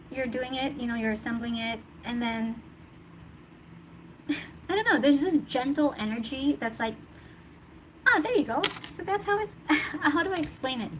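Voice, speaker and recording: A woman's voice: fairly high pitch, rough recording. A woman giving a casual tarot reading, chatty and thinking aloud, laughing often. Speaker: tarot reader. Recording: noticeable background noise.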